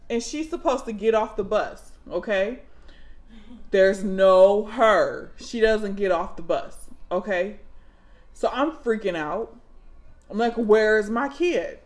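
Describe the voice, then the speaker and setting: A woman in her thirties chats to camera about motherhood in a casual vlog. She takes her time, drawling through her stories, then flares into loud, high-pitched dramatic retellings. Her voice sits at a middling pitch for a woman. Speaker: mom vlogger.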